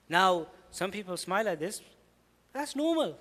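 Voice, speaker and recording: A man giving an earnest religious lecture, explaining his points and reciting Arabic scripture quickly between them. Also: sits high, sing-song, fairly bright tone, long reverb tail. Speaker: Islamic preacher.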